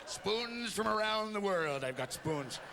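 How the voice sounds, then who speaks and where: A man voicing a drunk middle-aged woman who rambles fondly about her spoons, recorded live in a club with loud crowd noise. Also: medium pitch, lively intonation, a little slow.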